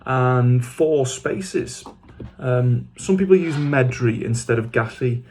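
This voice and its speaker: A man's voice: medium pitch, slow pace, a little mellow, a little hiss or hum. A man teaching language in a scripted but casual lesson, with dry, self-mocking humour, saying phrases and then explaining them in English. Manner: switches between Welsh phrases and English glosses.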